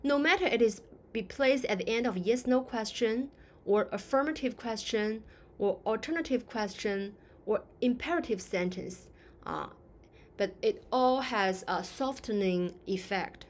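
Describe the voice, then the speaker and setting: A woman teaching a lesson in English, explaining patiently with many fillers and acting out example phrases. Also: on the high side. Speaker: Chinese language teacher.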